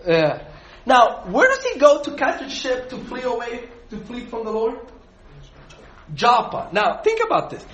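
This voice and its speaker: Lively man leading a Bible study. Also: very high-pitched, measured pace. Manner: animated, asks the group questions, laughs often. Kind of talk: group Bible study teaching.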